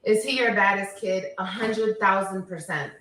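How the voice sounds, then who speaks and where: A woman's voice: medium pitch, normal speed, noisy background. A woman, talking bluntly and emphatically on a casual livestream. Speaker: livestreamer, mother. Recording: echoey room.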